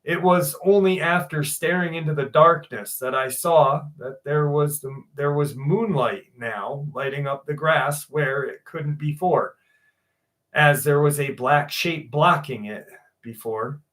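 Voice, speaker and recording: A man in his forties with a slightly higher-than-average voice hosts a livestream. His talk is loose and sprinkled with swearing. He reads viewer stories aloud in the same easygoing way. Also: measured pace, a bit bright. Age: 40s. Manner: loose and profane, greets viewers by name. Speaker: livestream host. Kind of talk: casual livestream chat and reading listener stories aloud.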